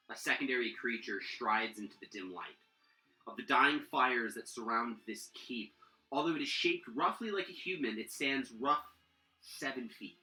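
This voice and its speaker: Rambling game master with a bright voice. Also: male voice, medium pitch, roomy sound, poor audio. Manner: rambling with frequent fillers and restarts. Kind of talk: narrating a tabletop game.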